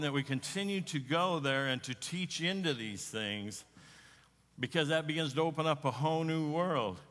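A man's voice: a little high, expressive, moderate pace, fairly bright tone. A middle-aged man preaching a sermon, telling a family story in a folksy way and often repeating words. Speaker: pastor. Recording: long hall reverb.

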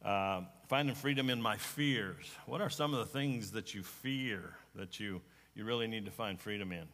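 A man's voice: fairly low pitch, moderate pace, a bit bright. A middle-aged man preaching a sermon, telling a family story in a folksy way and often repeating words. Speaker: pastor. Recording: long hall reverb.

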